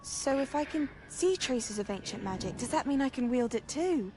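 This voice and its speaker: An earnest young female student witch from a video game, speaking with quiet wonder. Her voice sits slightly high. Faint game music plays under her lines. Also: lively intonation, normal speed.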